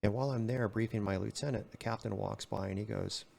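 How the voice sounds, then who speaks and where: A man's voice: fairly low pitch, fairly even intonation, quick pace, gravelly, a little mellow. An older retired man telling stories in a casual way and acting out both sides of the dialogue. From California. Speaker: retired game warden, podcast guest. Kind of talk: casual storytelling.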